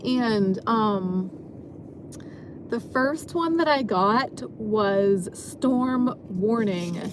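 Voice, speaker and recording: A woman's voice: medium pitch, animated, extremely slow, noisy background. A woman vlogger rambling casually from her car, self-deprecating and laughing often. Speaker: vlogger and dancer. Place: parked car.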